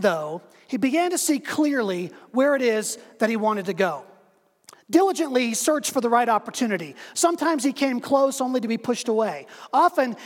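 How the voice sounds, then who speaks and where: A preacher telling a parable as part of a sermon, with slow, dramatic pauses and a voice that drops low at the ends of lines. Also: long reverb tail. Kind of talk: sermon storytelling.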